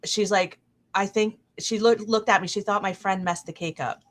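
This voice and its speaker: A middle-aged woman hosting a casual chat stream, telling a long anecdote with fillers and lively quoted voices. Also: mid-range voice, normal speed. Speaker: stream host.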